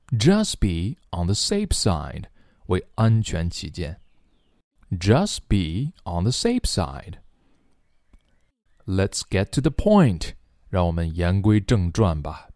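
Guy teaching english phrases slow and repeating each one, acts them out, voice goes up and down a lot, low mellow tone. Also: dry recording, clean studio sound. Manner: says each English phrase slowly twice, explains in Chinese between. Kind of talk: slow bilingual phrase drill.

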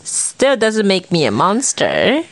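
Playful woman, very lively pitch. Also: slow. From China. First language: Chinese. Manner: teasing, giggly, playful. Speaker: parent co-reading a storybook. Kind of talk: playful read-aloud chat with a child.

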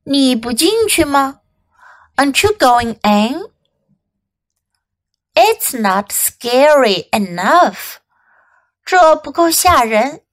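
Slow, lively woman teacher reading to kids. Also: high voice. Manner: slow, clear, explaining and repeating for children. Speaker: English teacher. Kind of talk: bilingual storybook reading and lesson for children.

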